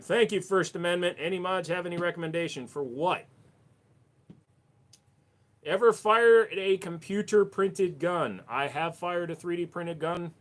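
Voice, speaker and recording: A man's voice: on the high side, fairly bright tone. A man with a Minnesota accent, speaking in a slightly raised register. He takes chat questions on a casual livestream and answers them bluntly, with plenty of cussing.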